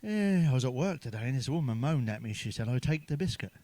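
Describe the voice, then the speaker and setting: A man's voice: medium pitch, animated, quick pace, warm tone, no echo. A man telling crude jokes in a sweary monologue, chuckling at his own punchlines. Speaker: stand-up comedian.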